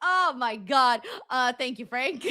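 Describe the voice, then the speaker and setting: A high, bright woman's voice hosting a relaxed live stream chat. She giggles often, jokes around and reads viewer comments aloud in a casual, playful way. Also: moderate pace, dry recording, studio quality. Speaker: host.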